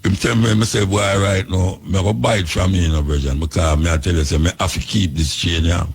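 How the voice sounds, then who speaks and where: Gravelly deep-voiced Jamaican man. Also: steady tone, a little fast. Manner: patois storytelling, addresses listeners directly. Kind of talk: storytelling to listeners.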